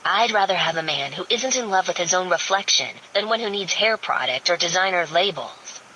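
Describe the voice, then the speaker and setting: A woman's voice: on the low side, animated, brisk, background noise, lightly acted. A woman voicing a brash, sardonic young redheaded woman who gripes sharply. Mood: exasperated. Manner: sharp, exasperated griping.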